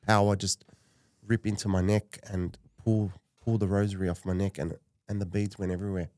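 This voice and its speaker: A man from Western Sydney, a podcast guest telling a personal story in a halting way with many restarts. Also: low voice, flat delivery, a little mellow. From Western Sydney, Australia.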